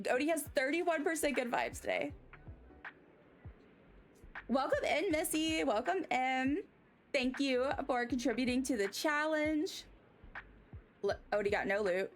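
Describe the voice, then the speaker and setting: Chatty American woman streamer, higher voice. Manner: chatty, rambling, self-mocking, reacts to chat. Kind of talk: casual live-stream chat reading comments. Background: faint background music.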